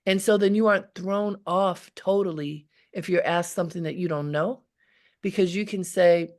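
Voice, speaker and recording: A woman leadership coach giving measured, emphatic advice in a live webinar, speaking from deep in her chest. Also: a little mellow. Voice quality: grounded low voice. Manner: measured, emphatic, repeats key phrases.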